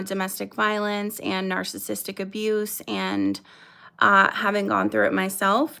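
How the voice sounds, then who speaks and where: A woman in her thirties talks slowly through a casual livestream. She sounds nervous and apologetic, and her speech is full of fillers and restarts as she greets viewers by name. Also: medium pitch, gravelly, sharp tone, clear, resonant tone. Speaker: livestream host.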